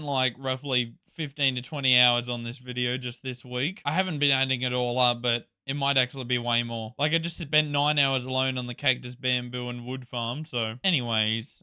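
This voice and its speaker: Bright, smooth-voiced chatty young man. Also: mid-range voice. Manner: chatty, exasperated, laughs at himself. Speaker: gaming video creator. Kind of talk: casual gameplay commentary.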